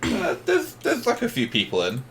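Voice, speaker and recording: A man with a bright, forceful tone runs a tabletop game over voice chat. His pitch jumps around a lot as he narrates in a laid-back way, laughing often and stumbling over restarts. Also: huge pitch swings, moderate pace, gravelly, slight background noise. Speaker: game master. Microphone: voice chat microphone.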